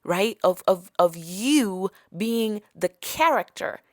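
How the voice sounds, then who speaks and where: A woman's voice: medium pitch, lively intonation, takes it slowly, no echo, clean studio sound. A woman from Africa with an African accent, hosting a podcast and teaching in a coaxing way that keeps checking in with her listeners. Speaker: podcast host. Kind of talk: motivational teaching talk.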